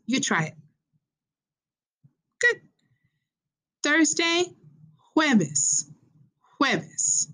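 A woman teaching a beginner Spanish lesson, slowly modeling words and prompting learners to repeat after her. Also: sits high, sing-song, bright, forceful tone. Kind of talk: call-and-response language lesson.

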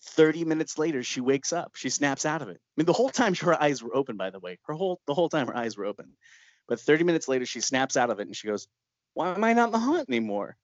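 A man's voice: mid-range voice, quick pace, no echo. A documentary filmmaker telling stories in an interview. He laughs often and acts out what people said. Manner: lively storyteller who laughs often and acts out quotes. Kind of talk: interview anecdote. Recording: dull, lo-fi sound.

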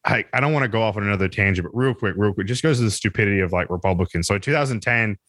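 A man's voice: lowish voice, rapid-fire, fairly bright tone, no room sound. A man chatting casually on a podcast, rambling and swearing with lots of laughs. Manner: rambling, profane, laughs a lot. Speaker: podcast co-host or guest.

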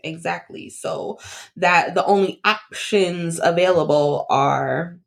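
A woman co-hosting a podcast chats casually, blunt and joking, often repeating her lines for emphasis. She speaks slowly in a lowish voice with vocal fry.

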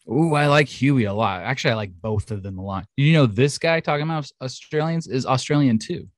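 A man co-hosting a podcast in casual chat, chatty, excitable and jokey. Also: mid-range voice, brisk, no room sound, clean studio sound. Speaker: podcast co-host.

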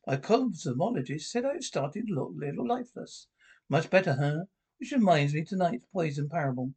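A man's voice: on the high side, lively intonation, moderate pace, a little mellow, slightly rough. An actor playing a ghoulish male corpse who hosts a horror show and relishes morbid puns. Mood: gleeful. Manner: theatrical, relishing morbid wordplay. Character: cackling ghoulish male corpse host, gleefully punning. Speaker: horror anthology host.

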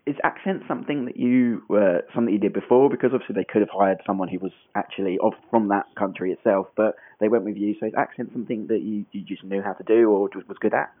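A man's voice: fairly low pitch, steady tone, fast, hardly any pauses, phone-quality sound. A man hosting a radio show, chatting with a guest in a playful way. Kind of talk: radio interview chat.

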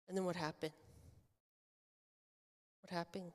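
A woman pastor giving a children's sermon, telling a story in an animated way and asking the children questions. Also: medium pitch, a little slow. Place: church sanctuary. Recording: long church reverb.

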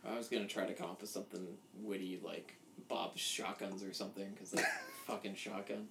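A man's voice: sits low, level tone, a little fast, gravelly, fairly bright tone, a little hiss or hum. A man co-hosting a podcast, chatting casually about a horror movie, rambling with lots of "like" and restarts and the odd swear. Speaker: podcast co-host. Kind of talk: casual chat. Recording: roomy echo.

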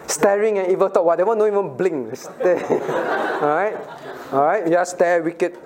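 High-voiced pastor teaching children. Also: male voice, moderate pace, a crowd in the background. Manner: playful, asks the children questions. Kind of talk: children's Bible lesson. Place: church room with children.

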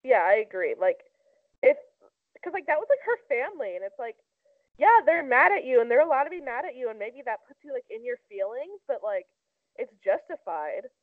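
Her voice sits high and swings widely in pitch as she talks at normal speed, co-hosting a relaxed celebrity gossip conversation. She's a chatty young woman who uses "like" a lot, captured in a dry, tinny, phone-like recording.

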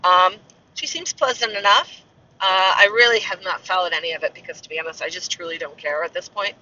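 A rambling, chatty man, talking casually to his viewers in a high, very bright voice. The sound is muffled and a little distant from the mic. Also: a little fast. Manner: rambling, chatty, self-mocking asides. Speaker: castle tour guide. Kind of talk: casual vlog chat.

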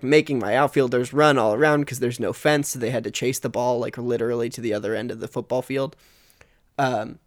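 A man's voice: mid-range voice, no room sound, studio quality. A man co-hosting a casual chat, telling rambling stories full of fillers. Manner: rambling storyteller, many fillers. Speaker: podcast co-host.

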